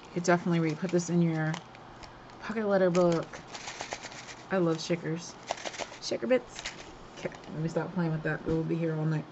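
A woman's voice: lowish voice, a little fast, long pauses, background noise. Gushing woman crafter, dull lo-fi audio. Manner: chatty and gushing, laughs often. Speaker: craft swap host. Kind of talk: casual craft unboxing chat.

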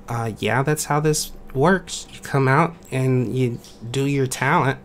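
A man hosting and judging a talent show in an animated game skit, in a playful, wry way. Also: medium pitch, slow pace, a little hiss or hum. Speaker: talent show judge and host.

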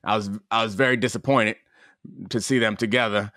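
A man's voice: on the low side, fairly even intonation, brisk, bright, forceful tone, no room sound. Wry, teasing man on a dry mic. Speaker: podcast co-host. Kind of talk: casual sports talk banter.

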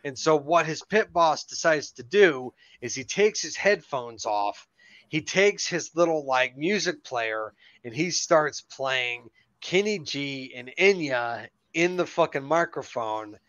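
A man co-hosting a podcast in casual chat, telling stories in an animated way and laughing often. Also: on the high side, slow pace, dry recording, highs cut off. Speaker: podcast co-host.

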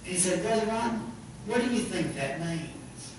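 A man's voice: high-pitched, lively intonation, normal speed, a little hiss or hum. A man, preaching a sermon as pastor and earnestly retelling a story with many quotes. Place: church sanctuary. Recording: very echoey church, from far off.

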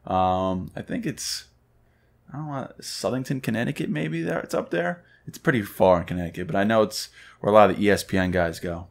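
A man's voice: lowish voice, a little fast, vocal fry. A man co-hosting a podcast, chatting casually and telling stories. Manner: laid-back, swears casually, acts out funny stories. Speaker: podcast co-host. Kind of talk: casual chat. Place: cigar lounge podcast set.

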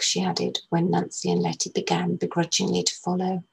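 A woman actress reading a literary short story aloud in a gentle, measured way. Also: fairly low pitch, monotone, gravelly, husky, rough recording. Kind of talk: storybook narration.

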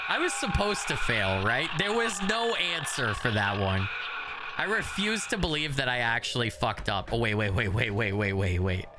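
A man giving casual, profane let's-play commentary, rambling and mocking himself as he plays. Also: fairly high pitch. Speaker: gaming YouTuber.

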